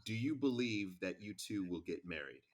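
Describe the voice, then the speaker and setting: A man who is a relationship expert, a podcast guest in casual chat, animated and repeating words for emphasis. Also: on the low side, normal speed.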